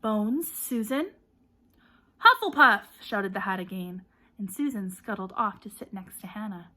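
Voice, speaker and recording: A woman narrating a storybook audiobook, reading in a lively way and putting energy into names and shouts. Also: medium pitch, normal speed.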